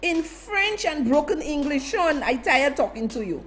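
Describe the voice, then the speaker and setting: A woman's voice: sits high, normal speed. A woman hosting a live stream, chatting and effusively greeting her viewers by name. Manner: animated, effusive, sing-song shout-outs. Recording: faint music behind.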